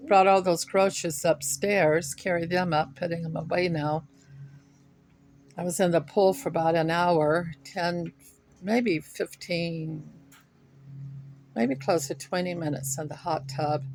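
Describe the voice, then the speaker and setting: Older woman, out of breath, low gravelly voice, slow rambling chat. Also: steady tone, a little mellow, slight background noise. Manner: rambling, chatty. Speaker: vlogger. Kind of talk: casual chat. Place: outdoors at her home.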